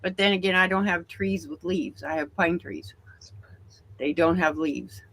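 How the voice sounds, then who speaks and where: Male co-host, high bright voice, slow dry delivery, casual chat.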